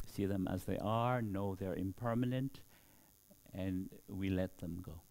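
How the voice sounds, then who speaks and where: Giving a dharma talk as a Buddhist monk, this middle-aged man has a rather low voice and an unhurried, pause-filled delivery. Again and again he tosses a gentle "hmm?" to his audience, as if asking whether they follow.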